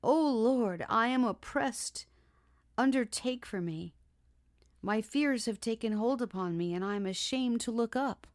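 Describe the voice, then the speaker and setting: A woman's voice: fairly low pitch, a little slow, gravelly. A woman reading an audiobook, voicing a timid, frightened young woman who pleads and trembles. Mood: pleading prayer. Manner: pleading, sobbing, breathless.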